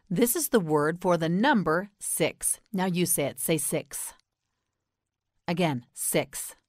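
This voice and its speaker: An American woman teaching English pronunciation in a slow, scripted lesson, patiently repeating each word and encouraging the learner. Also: fairly low pitch, dry recording, clean studio sound.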